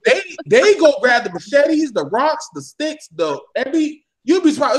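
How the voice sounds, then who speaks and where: A man's voice: extremely high pitch, very animated, normal speed, poor audio. A man in a casual panel discussion, speaking bluntly and heatedly, with plenty of swearing.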